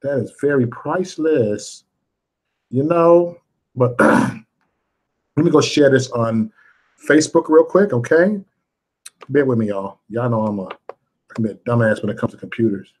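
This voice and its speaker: A man's voice: medium pitch, lively intonation, a little slow, pauses often, a little mellow. A man hosting a casual livestream, rambling loosely, greeting viewers one by one and cursing freely. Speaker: livestream host.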